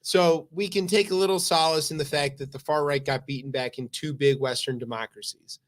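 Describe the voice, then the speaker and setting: A man co-hosting a comedic news talk show, wry and deadpan with casual swearing. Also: a little high, brisk. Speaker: co-host.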